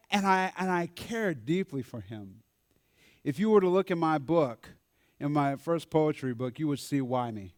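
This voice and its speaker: A man giving a storytelling talk at a church mental health forum, animated and acting out the voices of people he quotes. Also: mid-range voice, no echo, clean studio sound.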